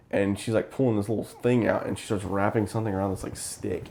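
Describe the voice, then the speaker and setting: A man's voice: lowish voice, fairly even intonation, fast talker, mellow. A young man co-hosting a casual movie review, rambling through the plot with lots of fillers and acting out the characters' lines. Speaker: co-host of a movie review show. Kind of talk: casual chat retelling a film.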